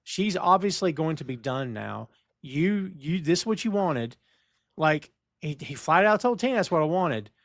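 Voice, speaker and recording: A man's voice: a little high, animated, normal speed, gravelly, a bit bright, no echo, clean studio sound. A man co-hosting a TV review podcast, recapping scenes bluntly and acting out the characters' lines. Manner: blunt, acts out quoted lines. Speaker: podcast co-host. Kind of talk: casual TV review chat, recapping plot.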